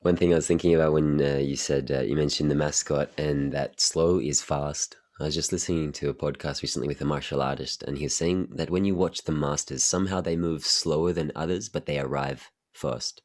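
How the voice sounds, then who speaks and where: A man hosting a podcast, asking reflective, unhurried questions in conversation. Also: very deep voice, fairly even intonation, darkish tone. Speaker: podcast host. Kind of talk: interview conversation.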